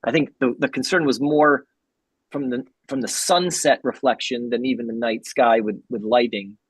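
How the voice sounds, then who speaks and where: A man presenting building designs to a town commission, earnest and halting, with many restarts. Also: medium pitch, fairly even intonation, breathy edge, dry recording, rough recording. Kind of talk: public meeting presentation.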